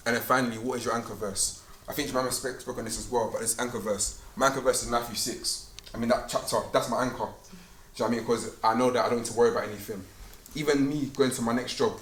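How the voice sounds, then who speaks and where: A man's voice: mid-range voice, fairly even intonation, quick pace, fairly bright tone. A young man giving a casual, slangy faith talk to students at a conference, telling stories with laughs. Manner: chatty, slangy, storytelling with laughs. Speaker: conference speaker. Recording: roomy hall, distant mic, background hum.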